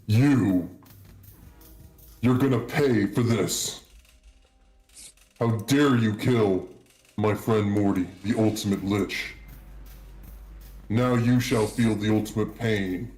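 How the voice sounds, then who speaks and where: A man putting on his character's most intimidating deep voice, slow, loud and threatening, in a tabletop role-play. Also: faint music behind. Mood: furious threat. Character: player character's booming menacing avenger voice.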